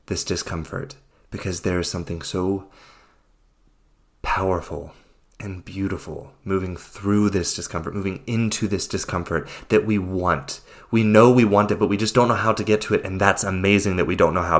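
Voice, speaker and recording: A man hosting a podcast, talking without a script in an earnest, emphatic way and calling his listeners friends. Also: low-pitched. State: getting emotional. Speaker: podcast host. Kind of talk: unscripted heartfelt monologue.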